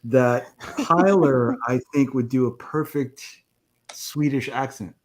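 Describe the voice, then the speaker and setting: A man's voice: mid-range voice, takes it slowly. A man in his forties hosting a casual panel chat, easygoing and self-deprecating. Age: 40s. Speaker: host.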